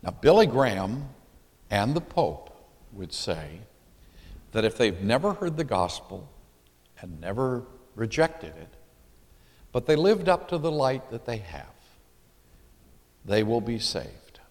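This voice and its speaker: A man's voice: mid-range voice, big pitch swings, slow pace, pauses often. A man from Michigan, preaching a sermon and putting questions to his congregation. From Michigan, USA. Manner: emphatic, puts questions to the congregation. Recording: long hall reverb.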